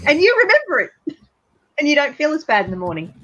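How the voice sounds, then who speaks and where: A woman's voice: high voice, huge pitch swings, quick pace, fairly bright tone. Chatty woman hosting a stream, bouncy voice, dull lo-fi sound. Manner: chatty, laughs often. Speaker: livestream host. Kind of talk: casual chat.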